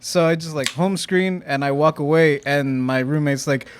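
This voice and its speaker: A young man on a casual podcast tells an animated story in a fairly high voice, laughing often as he goes. A faint hiss sits under the recording. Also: moderate pace. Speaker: podcast guest.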